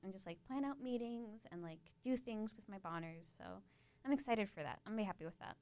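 A woman's voice: mid-range voice, expressive, fast, mellow. Wry young woman co-hosting student radio. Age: young adult. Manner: wry, dry teasing. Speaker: radio co-host, college student. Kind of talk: casual chat.

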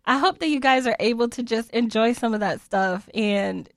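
A woman in her forties telling a personal story in a casual monologue, chatty and animated, laughing often. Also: fairly high pitch, normal speed, no echo.

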